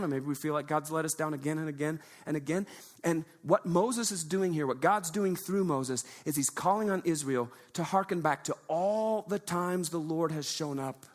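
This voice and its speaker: Male pastor, light high voice, preaching in an animated, chatty way, church setting. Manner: conversational, animated preaching with audience asides. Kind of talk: sermon. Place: church sanctuary.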